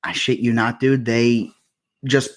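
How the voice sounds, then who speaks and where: A man's voice: medium pitch, level tone, a little slow. A young man co-hosting a podcast, telling stories in a loose, profane, laughing way. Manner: profane, storytelling, laughs often. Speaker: podcast co-host. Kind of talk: casual chat.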